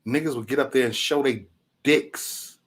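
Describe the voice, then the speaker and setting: A male livestream host keeps a moderate pace in his mid-range voice while chatting casually. He rambles, curses, says "man" a lot, and laughs softly between remarks.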